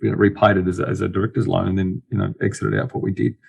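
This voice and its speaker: A man's voice: deep voice, flat delivery, rapid-fire, gravelly, breathy edge. A middle-aged Australian man, an investor guest in a casual interview, talking bluntly with many restarts and dry jokes.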